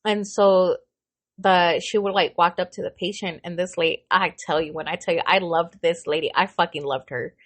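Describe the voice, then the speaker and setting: A woman co-hosting a podcast, telling a story in animated, casual chat and swearing freely. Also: fairly low pitch, normal speed. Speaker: podcast co-host.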